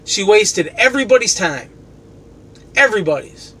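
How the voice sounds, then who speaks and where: A man's voice: sits high, moderate pace, husky. A man who cleans commercial kitchens, venting in a heated, profane, sarcastic rant. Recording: steady traffic and car noise behind.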